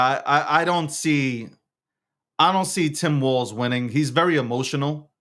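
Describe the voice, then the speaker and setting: A man's voice: mid-range voice, fairly bright tone. A man hosting his own show, talking in a casual, slangy monologue with lots of stammered restarts. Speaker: show host.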